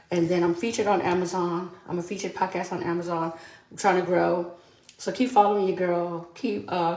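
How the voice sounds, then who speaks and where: A young woman with a New York accent rambles through a casual solo podcast, candid and quick to swear. Her voice sits at an everyday middle pitch. The room around her gives the sound a noticeable echo. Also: a little mellow. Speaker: podcast host. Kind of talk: casual chat while doing makeup. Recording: echoey room.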